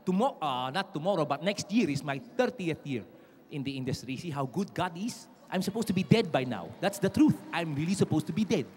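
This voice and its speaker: A middle-aged male singer doing playful, animated patter with a live audience from a large stage. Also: fairly high pitch, brisk. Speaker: concert singer and performer. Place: large indoor event stage.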